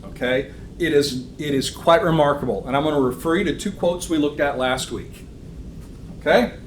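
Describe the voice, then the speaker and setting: A man's voice: on the high side, normal speed. A man teaching a church Bible lesson to a live class. He speaks conversationally, says "um" often and keeps checking in with "okay?". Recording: roomy echo, faint room noise.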